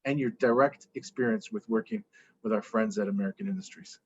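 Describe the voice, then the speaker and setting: A man moderating a webinar and introducing speakers, halting with many pauses. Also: mid-range voice, sing-song, a little mellow, slight background noise. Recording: dull, dry online audio.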